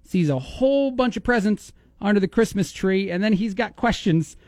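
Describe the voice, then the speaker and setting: A man's voice: high-pitched, expressive, darkish tone, no room sound, studio quality. A man with a New York accent hosting a radio show, bantering in a playful, teasing way. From East Coast of the US. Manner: playful, teasing, quick joking. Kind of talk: casual studio banter. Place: radio studio. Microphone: studio microphone.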